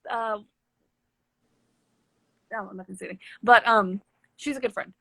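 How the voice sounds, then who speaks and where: A woman hosting a live stream, telling a personal story in a candid, animated way with plenty of swearing. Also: fairly high pitch, moderate pace, creaky, pauses often, breathy edge, dry recording. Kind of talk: casual storytelling chat. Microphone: phone on a live stream.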